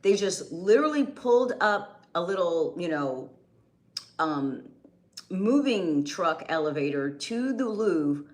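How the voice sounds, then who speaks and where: A woman's voice: lowish voice, very animated, takes it slowly, darkish tone. Chatty woman streamer, voice going. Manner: chatty, greets viewers by name, restarts sentences. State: voice going, slightly strained. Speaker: livestream host. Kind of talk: casual live stream chat.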